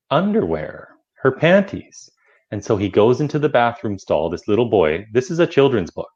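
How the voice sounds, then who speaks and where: A man with a fairly low voice earnestly recounting a story as a talk-show guest. His audio is dull and lo-fi, as though coming in over a remote connection. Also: a little mellow. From Canada. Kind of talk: casual talk-show chat.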